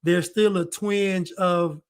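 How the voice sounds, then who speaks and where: A man's voice: high-pitched, steady tone, takes it slowly, clean tone. A man hosting a podcast, talking bluntly and emphatically in casual chat, laughing often. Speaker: podcast host.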